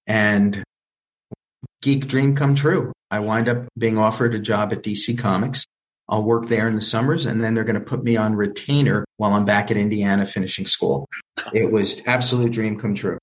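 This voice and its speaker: A man's voice: lowish voice, moderate pace, low-quality recording. An older man, a film producer, telling his story in an interview and acting out the people in it. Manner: animated storyteller who acts out quoted voices.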